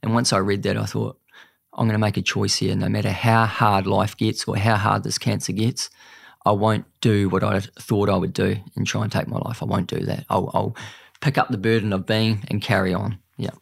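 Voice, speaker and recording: A young man with a New Zealand accent, a podcast guest telling a painful personal story in an earnest, halting way, often saying "mate". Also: on the low side, level tone, gravelly, husky, no room sound, clean studio sound.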